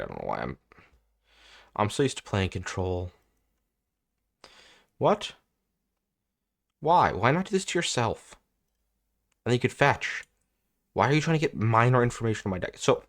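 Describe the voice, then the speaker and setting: Man, young adult, gameplay commentary, gravelly, lively pitch, exasperated. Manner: exasperated, swearing, thinks aloud. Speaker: content creator playing a card game.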